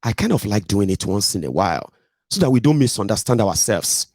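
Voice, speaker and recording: A man's voice: on the low side, big pitch swings, brisk, darkish tone, breathy edge, no room sound. Blunt Nigerian man hosting his podcast. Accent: Nigerian English. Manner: digressive, blunt, peppered with pidgin tag questions. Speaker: podcast host. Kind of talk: casual ranting monologue.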